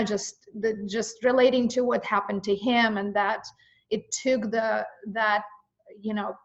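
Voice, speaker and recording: A woman's voice: mid-range voice, gravelly. Woman from russia hosting a video call, lots of stops and restarts, gets emotional, muffled lo-fi sound. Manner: halting, many restarts, emotional. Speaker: host. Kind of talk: casual video-call interview. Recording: muffled lo-fi stream audio.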